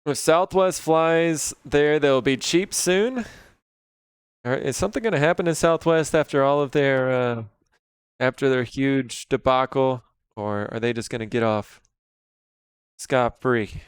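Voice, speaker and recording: A laid-back man in his thirties rambles easily through a live-stream chat. His voice is smooth and clean, sitting at a middle pitch. The sound is close and dry, with no room around it. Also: unhurried, no echo. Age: 30s. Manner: relaxed and rambling, chatting with viewers while working.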